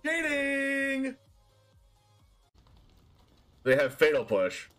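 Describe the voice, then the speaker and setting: A man streaming a card game, reacting with yelps, laughter and shouts as he plays. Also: very high-pitched, huge pitch swings, drawn-out words, soft background music. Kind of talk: excited gameplay commentary.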